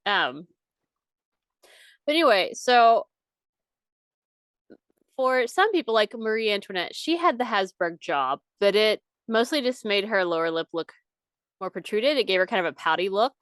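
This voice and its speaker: A woman's voice: medium pitch, very animated, normal speed, pauses often, a bit bright, clean tone, no room sound. A young adult woman co-hosting a podcast in casual chat, swearing freely and saying "like" a lot. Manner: chatty, swears freely, lots of "like". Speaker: podcast co-host.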